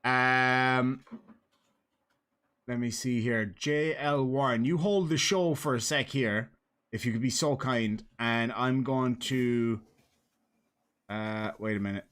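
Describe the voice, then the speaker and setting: A man's voice: mid-range voice, slow, pauses often, fairly bright tone, clean tone. A man with an Irish accent hosting a casual live stream, chatting and joking with his guest and viewers.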